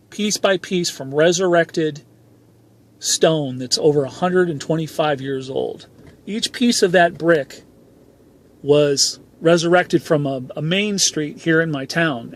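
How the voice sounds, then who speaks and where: A man with a slightly higher voice tells a motivational story outdoors as he moves through a neighborhood. He talks emphatically and rambles, stopping often on "and, uh". Faint outdoor ambience sits under his handheld camera recording. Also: a bit bright, a little hiss or hum. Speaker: motivational channel host. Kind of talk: personal story told while touring a neighborhood. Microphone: handheld camera filming as he goes.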